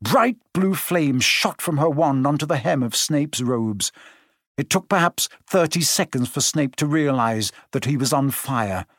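A man narrating a story aloud, expressive and changing his pace as he reads. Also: fairly high pitch, a little slow, no room sound, studio quality. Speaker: audiobook narrator. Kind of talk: scripted narration.

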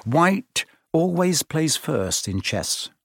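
A man puts on a bossy young boy wizard, his voice lifted higher than a plain reading voice. He calls out moves with firm decisiveness, close and dry as if in a small booth. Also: very animated, slow, gravelly, a bit bright, slightly rough, no room sound, full character voice. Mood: commanding. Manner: bossy, decisive under pressure. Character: young boy wizard, bold chess strategist.

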